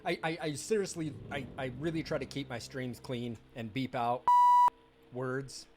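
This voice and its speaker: A man's voice: medium pitch, steady tone, normal speed. A man chatting casually while streaming a game, rambling and candid, with bitter, sarcastic asides. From United States. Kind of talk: casual live-stream chat.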